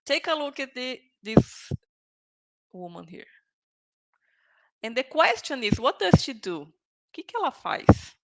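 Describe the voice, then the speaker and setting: A woman's voice: high voice, sing-song, measured pace, long pauses. A woman with a Brazilian Portuguese accent teaching English vocabulary, patiently repeating phrases to drill pronunciation. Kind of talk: online vocabulary lesson.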